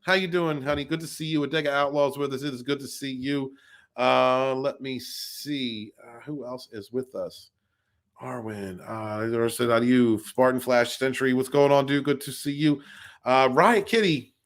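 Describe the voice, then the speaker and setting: A man's voice: medium pitch, fairly bright tone. A man hosting a casual livestream podcast, chatting nonstop, rambling and greeting viewers in the chat by name.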